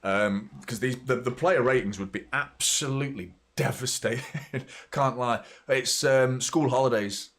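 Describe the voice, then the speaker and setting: A man's voice: mid-range voice, unhurried. A man in his thirties from the UK hosting a live football watchalong, blunt and sweary, reacting to the play and chatting to viewers. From United Kingdom. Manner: blunt, sweary, excitable when play heats up. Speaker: host of a fan watchalong. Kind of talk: live match reaction and chat.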